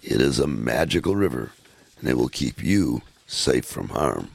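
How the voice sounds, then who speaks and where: A man voicing a stern old grandfather, a former army officer, speaking slowly and firmly in a storybook reading. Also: rumbling low, very animated, creaky, no echo, exaggerated voice. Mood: solemn. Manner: slow, firm, commanding.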